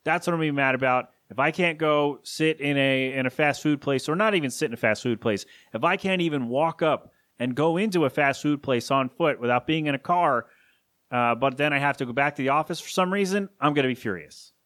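A man's voice: a little high, brisk, fairly bright tone, no echo. A man hosting a solo podcast from his home studio, rambling casually with self-deprecating asides. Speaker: podcast host.

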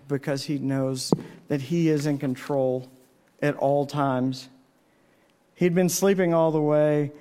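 A man preaching with an earnest, storytelling manner. His voice sits a little high for a man, and it lifts further whenever he asks a question. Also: warm tone. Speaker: pastor. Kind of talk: sermon.

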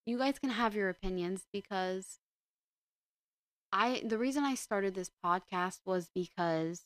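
A young woman talks casually on her podcast, rambling and restarting her sentences as she goes. Her voice is smooth and clear, recorded close up in a dry room with no echo. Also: mid-range voice. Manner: chatty and rambling, with many restarts. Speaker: podcast host. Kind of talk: casual chat.

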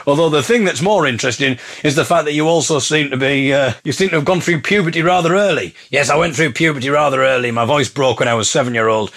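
A man's voice: medium pitch, quick pace, few pauses, a bit bright. A man with a Northeast English accent hosting a comic monologue podcast, rambling and self-mocking as he tells stories. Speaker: podcast host.

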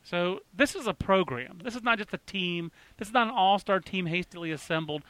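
Male host, bright and excitable, quick with restarts, dry close-mic sound. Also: high-pitched, dry recording. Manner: excitable, rapid, full of restarts. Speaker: baseball podcast host. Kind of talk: casual sports chat.

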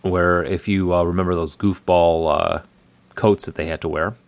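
A man with a slightly low voice retells a film plot in loose, rambling chat. He drifts between ums and small laughs while keeping the story moving. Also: fairly even intonation, normal speed, gravelly, dry recording. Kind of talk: casual movie recap chat.

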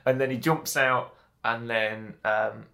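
A man co-hosting a casual film chat, retelling scenes in a halting, chatty way and acting out quoted lines. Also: medium pitch, fairly even intonation, vocal fry, pushed and bright. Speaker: podcast co-host.

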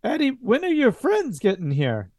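A man's voice: very high voice, wildly swooping pitch, moderate pace, no echo, voice pushed up, full character voice. A man voicing a fussing older woman who runs an Italian restaurant, in a dry close recording. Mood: concerned.

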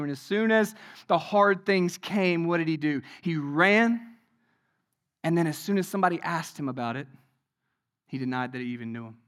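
A man preaching a sermon in a conversational way, asking many rhetorical questions and moving between loud emphasis and hushed passages. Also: fairly high pitch, normal speed. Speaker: pastor.

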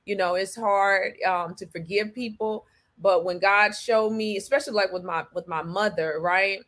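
A woman's voice: medium pitch, fairly even intonation, moderate pace, a bit bright. A woman in a casual faith conversation, telling her personal testimony candidly and with animation.

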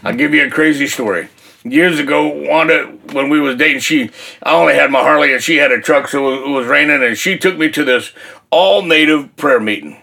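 An older man telling his faith testimony in a folksy, colloquial, animated way. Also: a little high, a little fast, vocal fry. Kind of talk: casual faith testimony storytelling.

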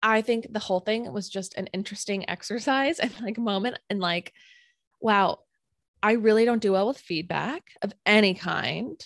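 A woman telling a personal story in casual chat, animated and full of "like" fillers. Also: medium pitch, normal speed, no room sound, studio quality. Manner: animated, filler-heavy retelling with many "like"s.

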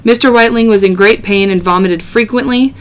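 A woman's voice: mid-range voice, a little fast, clean tone. A woman hosting a podcast, casually narrating a true-crime case with joking asides and many ums. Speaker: podcast host.

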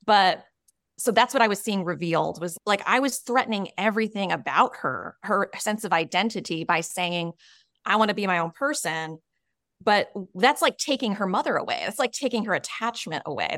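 A woman's voice: lowish voice, fairly bright tone, no echo, clean studio sound. A woman who writes and coaches, telling a personal story in a podcast interview, earnest and frank, with many "you know" and "like" fillers. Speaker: podcast guest, author and coach.

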